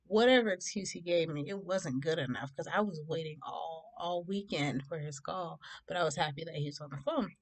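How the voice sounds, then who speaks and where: A young woman vlogger telling a storytime tale, chatty and animated. She speaks in a slightly low voice and acts out the quotes. She laughs along as she goes. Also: a little fast, hardly any pauses. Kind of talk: casual storytime.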